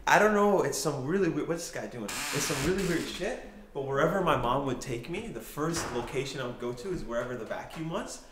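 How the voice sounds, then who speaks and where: A young man bantering loudly with his roommate, joking and laughing often. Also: fairly high pitch, animated, a little fast. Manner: loud, jokey, laughs often. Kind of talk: casual banter. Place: shared house, indoors. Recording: echoey room with noise.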